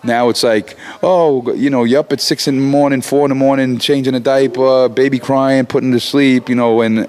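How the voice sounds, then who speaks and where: A rapper in his forties, speaking as an interview guest, swears freely and restarts sentences as he gets worked up. His medium-pitched voice is clear and resonant, at a moderate pace with few pauses.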